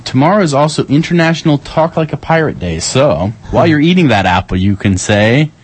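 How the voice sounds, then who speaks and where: A man's voice: mid-range voice, brisk, husky, poor audio. A man hosting a community radio show, chatting casually and jokily as he reads out the day's events. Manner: playful, jokey, reading calendar items with lively ups and downs.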